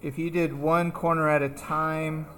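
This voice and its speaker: A man's voice: on the high side, little pitch movement, measured pace, a bit bright. A man teaching a craft class, talking through his steps as he works, casual and chatty. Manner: chatty, thinking aloud while working. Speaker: art instructor. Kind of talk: live classroom demonstration.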